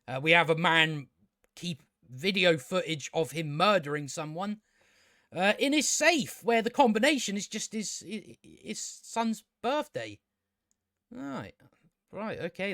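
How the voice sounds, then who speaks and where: A man's voice: high-pitched, sing-song, a little slow, a bit bright, no echo, clean studio sound. A man giving a casual spoken TV review, ranting sarcastically with lots of swearing and filler words. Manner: sarcastic, sweary, rambling rant with many fillers. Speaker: TV show reviewer.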